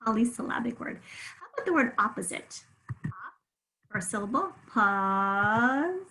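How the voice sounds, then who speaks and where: A woman with a bright, forceful tone and a slightly high voice leads a spelling lesson. She breaks each word into syllables and sounds them out patiently, with friendly encouragement. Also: very animated, fast talker, slight background noise, low-quality recording. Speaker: teacher.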